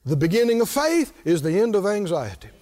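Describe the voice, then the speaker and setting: A man preaching a sermon, drawing answers from the congregation and building to shouted lines. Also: high voice, very animated, a little fast. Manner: preaching with call-and-response, rising to shouts. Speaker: pastor.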